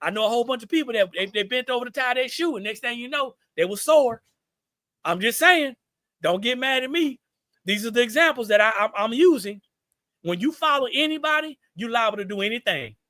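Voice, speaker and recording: A man with a Southern US accent gives folksy, preachy business advice on a live stream, repeating his points and calling his viewers y'all. His voice sits high for a man and rings bright. The room sounds dry and close. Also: expressive, fairly quick, dry recording.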